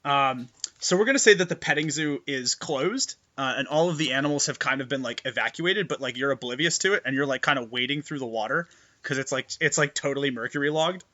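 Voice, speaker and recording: A man narrating a tabletop game as game master, excitable and gushing, with many fillers. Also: medium pitch, brisk.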